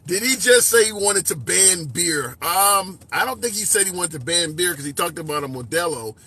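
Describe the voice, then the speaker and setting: A man's voice: high-pitched, lively intonation, normal speed, sharp tone, breathy edge. A man hosting a live call-in show, arguing pointedly with a caller and then reading out viewer comments. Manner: pushes back hard, then reads comments and asks for likes. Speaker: host.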